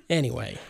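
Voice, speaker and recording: A man's voice: mid-range voice, creaky, darkish tone, slightly rough, no room sound. A man co-hosting a podcast, telling stories in a chatty way and laughing as he goes. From New York. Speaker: podcast co-host. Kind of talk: casual chat.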